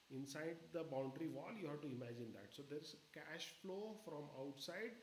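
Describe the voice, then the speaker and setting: Man teaching a stock webinar. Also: on the high side. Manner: explains step by step, keeps checking the audience follows. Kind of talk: live webinar lesson. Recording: echoey room with faint background noise.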